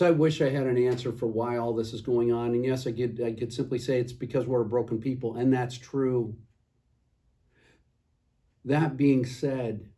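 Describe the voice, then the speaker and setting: A man giving a short devotional as a church pastor, earnest, reading scripture with rising emphasis and then dropping to a soft close. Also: mid-range voice, distant mic. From United States.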